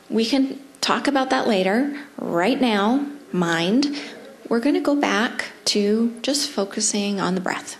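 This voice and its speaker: A middle-aged woman with a Canadian accent, a psychology professor giving a seminar talk, animated and playful, slowing to gentle guided breathing. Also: mid-range voice. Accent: Canadian English. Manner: lively, animated, acts out her inner voice; slows to soft, near-whispered guidance during breathing practice.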